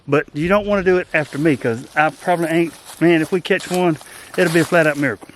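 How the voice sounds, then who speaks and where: A man's voice: fairly high pitch, fast, a little hiss or hum. A man, talking casually and rambling in a folksy, self-deprecating way to a camera set up outdoors by a swampy creek, out of breath as he pushes a boat across. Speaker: outdoors vlogger. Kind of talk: casual outdoor vlog chat. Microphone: camera set up nearby.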